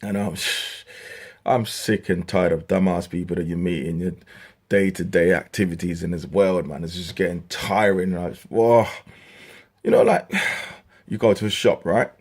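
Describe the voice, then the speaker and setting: A man's voice: deep voice, fairly even intonation, normal speed, a little mellow, breathy edge. A young man from England ranting to camera in an exasperated, swearing comic style, his voice jumping up when worked up. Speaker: vlogger.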